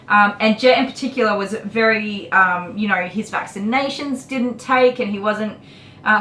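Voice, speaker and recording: A middle-aged Australian woman talks to her livestream viewers while she grooms, blunt and exasperated, tossing in mild swears and laughing. Her voice sits a touch high and reaches the mic from a distance. The salon around her is echoey, with faint noise in the background. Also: a bit bright. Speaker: dog groomer streaming live. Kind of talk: casual livestream chat.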